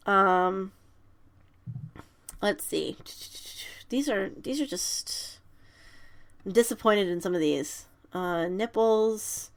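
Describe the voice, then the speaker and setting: This is a woman co-hosting a casual podcast, reading funny messages aloud with playful emphasis. She giggles often, and her voice sits a little on the high side. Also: a bit bright. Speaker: podcast co-host.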